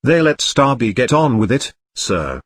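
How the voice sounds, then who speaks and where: A jumpy little house elf, eager to serve and quick to fret, lurching between high squeaks and a deep, cringing "sir", put on by a man. The voice swings widely in pitch and sits close and dry on the mic, like a storybook reading. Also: big pitch swings, dry recording. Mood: earnest. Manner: servile, ends sentences with a low drawn "sir". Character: timid excitable male house elf servant.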